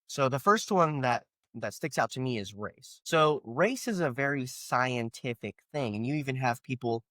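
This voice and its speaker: A man's voice: mid-range voice, animated, moderate pace, bright, forceful tone, no room sound. A man hosting a solo podcast, ranting with rhetorical questions and sarcastic asides. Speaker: podcast host.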